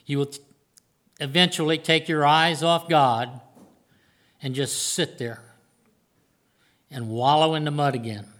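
Older man, preacher; earnest plain-spoken sermon, voice sits a bit high. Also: steady tone, a little slow, pauses often, fairly bright tone. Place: church before a congregation.

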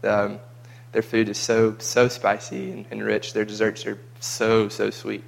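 Flat, gravelly man chatting. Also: fairly low pitch, unhurried. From United States. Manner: chatty and rambling, with frequent repeated words. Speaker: vlogger recounting a mission trip. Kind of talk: casual chat.

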